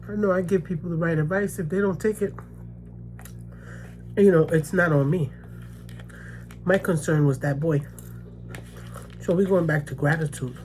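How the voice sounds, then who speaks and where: Her voice is lowish and warm, at normal speed with long pauses and slight background noise: a woman from the Bronx, New York who does mukbang vlogs. Telling a personal story to camera, she speaks emphatically and repetitively, asking "okay?" and "you know what I mean?"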